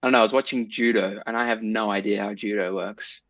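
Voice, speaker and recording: A man's voice: on the low side, steady tone, fast talker, a bit bright, no echo, lo-fi sound. A man co-hosting a podcast in casual chat, laughing often and trailing off with "I don't know". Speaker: podcast co-host.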